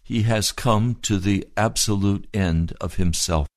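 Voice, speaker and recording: Slow, low-voiced male pastor. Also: dry recording, clean studio sound. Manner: deliberate, phrase-by-phrase retelling. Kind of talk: sermon storytelling.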